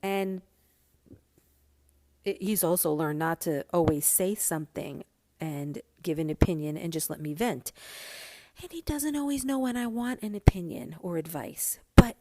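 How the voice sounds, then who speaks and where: A middle-aged woman hosting a podcast, telling a personal story in a casual, animated way. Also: lowish voice, unhurried. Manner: animated, vents with rising heat. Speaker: podcast host.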